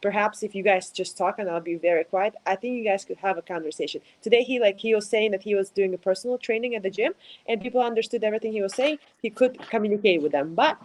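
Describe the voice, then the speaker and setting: A woman whose first language is Russian, interpreting in casual podcast chat, halting and searching for words, often giggling. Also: medium pitch, a little mellow, slight background noise, low-quality recording.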